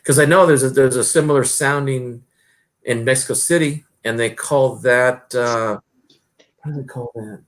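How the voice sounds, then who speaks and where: A man's voice: medium pitch, moderate pace. A middle-aged man hosting a stream, chatting casually and rambling with lots of fillers and restarts. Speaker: stream host. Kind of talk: casual chat.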